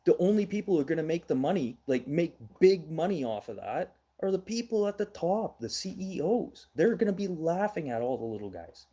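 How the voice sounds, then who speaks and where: A man's voice: a little high, very animated, brisk, few pauses, mellow. A middle-aged man from Manitoba, hosting a casual livestream news show, blunt and ranting, swearing now and then. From Manitoba, Canada.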